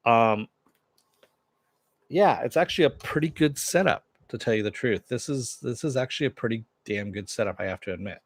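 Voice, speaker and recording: A man's voice: medium pitch, expressive, fairly quick, no room sound. A man hosting a casual TV recap and review, blunt and rambling, with many restarts and fillers, answering live chat while wearing headphones. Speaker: show host.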